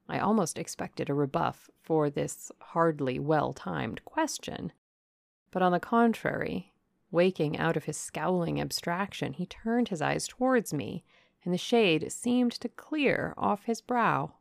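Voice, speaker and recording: A woman narrating a classic novel as an audiobook, in a measured, deliberate reading. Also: low-pitched, creaky, dry recording, studio quality.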